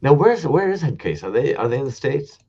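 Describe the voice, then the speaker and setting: A man's voice: medium pitch, big pitch swings, brisk, darkish tone, husky, dull audio. A man co-hosting a casual online toy show, a rambling, profane storyteller. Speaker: podcast co-host. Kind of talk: casual chat with heavy swearing.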